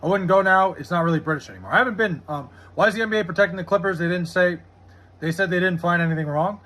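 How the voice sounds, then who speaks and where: A man's voice: sits high, fast talker, sharp tone. An American man live-streaming, chatting loosely and profanely with viewers, full of "like" fillers. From United States. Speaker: live streamer reading chat. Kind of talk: casual rambling chat.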